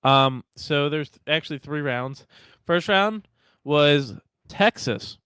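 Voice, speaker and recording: A young man co-hosts a casual podcast chat in a relaxed, rambling way, swearing freely. His voice is smooth and clear, and it sits in a dry, close-sounding room. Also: a little high, takes it slowly, no room sound. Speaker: podcast co-host.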